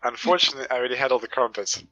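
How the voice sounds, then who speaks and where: A young male college student as a podcast guest, talking quickly with dry wit over a call. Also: mid-range voice, muffled recording, crowd noise. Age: young adult. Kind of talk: casual chat.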